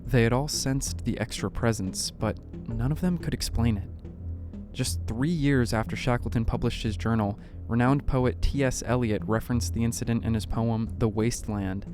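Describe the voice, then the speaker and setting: Male documentary narrator with a mid-range voice, measured and suspenseful, reading over soft music. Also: medium pitch. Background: faint background music.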